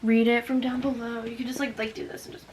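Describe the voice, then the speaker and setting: A young woman chatting excitedly as a book vlogger, bubbly and full of "like". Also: fairly high pitch, fast, background noise. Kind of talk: casual chat.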